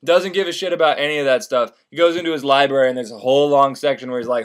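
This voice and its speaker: A man's voice: mid-range voice, steady tone, quick pace, hardly any pauses. A man retelling a classic story in a casual, profane, rambling comedic style.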